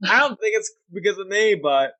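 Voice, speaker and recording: High bright guy on a podcast call, bouncy voice, joking around. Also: lively intonation, a little fast. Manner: loose, joking, swearing. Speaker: podcast co-host. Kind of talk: casual chat. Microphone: video call.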